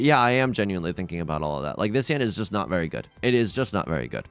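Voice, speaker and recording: Low-voiced man rambling over a game. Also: sing-song, fast, hardly any pauses, clean tone, faint music behind. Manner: rambling, self-mocking, frequent restarts and laughs. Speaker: let's play host. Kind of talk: casual game commentary.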